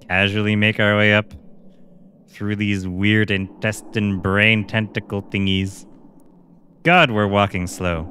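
A man's voice: lowish voice, pushed and bright, slight background noise. A man hosting a let's play, chatting and joking casually as he plays. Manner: jokey, laughing, chatty. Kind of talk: casual game commentary.

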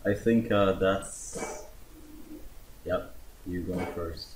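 A young man playing a horror game with a friend, excitable and cursing, yelling at jump scares. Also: low voice, very slow, background noise. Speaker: gamer host. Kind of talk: casual horror game commentary. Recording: echoey with game music.

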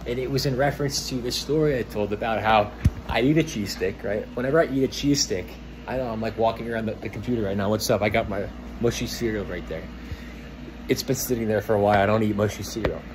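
A man's voice: on the low side, fast talker, background noise. A man talking casually to his viewers while walking around his home, rambling and chatty, filmed on a phone. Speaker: vlogger. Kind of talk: casual vlog chat. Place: at home, indoors. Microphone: phone held while walking.

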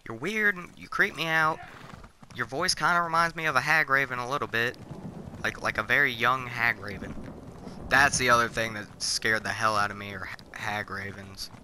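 A man's voice: mid-range voice, moderate pace, pushed and bright, slight background noise, low-quality recording. A man giving casual let's-play commentary, confused and blunt, swearing freely. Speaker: gamer, let's-play host. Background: faint game music.

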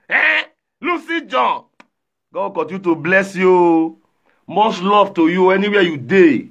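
A man with a Nigerian accent, chatting live and reading viewer comments aloud, animated, often shouting and repeating himself. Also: sits high, a little slow, vocal fry, lo-fi sound. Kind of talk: casual live-stream chat.

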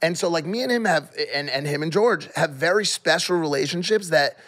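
Podcast guy rambling thru a thought, kinda high voice, swears here and there. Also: expressive, fairly quick, a bit bright. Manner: rambling, searching for words, swears casually. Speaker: podcast co-host. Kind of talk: casual podcast chat. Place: podcast studio.

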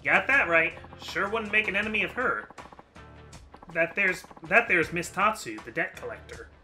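A man's voice: sits high, expressive, moderate pace, bright, forceful tone, soft background music, exaggerated voice. A man voicing a folksy, chummy older male informant who keeps calling people boy. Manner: folksy, calls others "boy".

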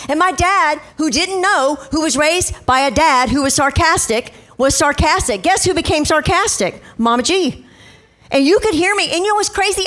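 A middle-aged woman pastor preaching a sermon, telling family stories and acting out the voices in them. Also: high-pitched. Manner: animated storytelling, acts out quotes. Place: church stage.

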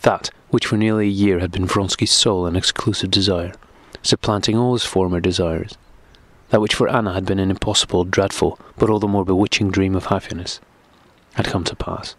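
A man narrating a classic novel audiobook in a steady, measured reading. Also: low voice, no echo.

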